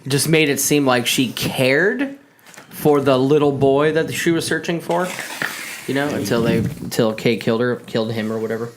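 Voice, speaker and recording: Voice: mid-range voice, moderate pace, background noise. A podcast co-host in a casual movie review chat, questioning and teasing.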